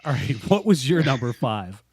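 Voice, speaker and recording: A man's voice: medium pitch, very animated, moderate pace, darkish tone, slightly rough, no echo, studio quality. A man co-hosting a podcast, chatting casually and enthusiastically, acting out quotes. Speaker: podcast co-host. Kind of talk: casual chat.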